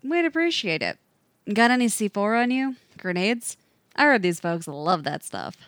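A woman voicing a relaxed, wry male military officer in a read-aloud story, offhand and dry in tone. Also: medium pitch, normal speed, no room sound. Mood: amused.

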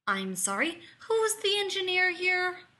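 A haughty, spluttering male scientist, put on by a woman reading a story aloud. He is quick to bristle and talks down to everyone, in a bright, clear-edged voice. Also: extremely high pitch, sing-song, voice pushed up, full character voice. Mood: indignant. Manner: lofty and spluttering. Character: indignant, sharp-tongued male scientist.

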